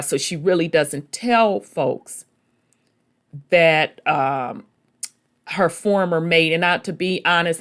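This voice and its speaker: A woman hosting a podcast, telling a story in a chatty, folksy way and calling her listeners baby and y'all. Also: low-pitched. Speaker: podcast host. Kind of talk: casual storytelling talk.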